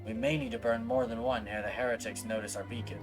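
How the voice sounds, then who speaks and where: A man voicing a stern, brooding warrior from a game, reading in a grave and measured way. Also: mid-range voice, fairly even intonation, vocal fry, faint music behind, close to an everyday voice.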